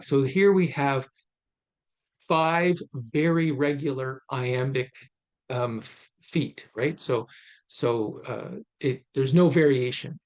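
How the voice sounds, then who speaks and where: A man speaking at an ordinary middle pitch, lecturing on poetry in a recorded talk over slides. He thinks aloud with plenty of fillers and restarts. He slows right down to sound out stressed and unstressed syllables. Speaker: literature lecturer.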